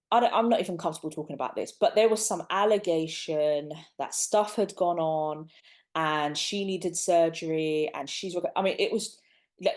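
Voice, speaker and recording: A young woman giving an animated, exasperated opinion rant to camera as a vlogger. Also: mid-range voice. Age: young adult. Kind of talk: casual opinion commentary.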